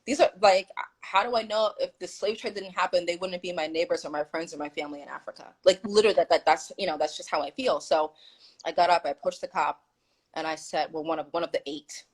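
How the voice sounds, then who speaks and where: A woman's voice: on the low side, quick pace, poor audio. A woman guest telling a story in casual chat on a video call, acting out what people said. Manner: animated, acts out quoted dialogue.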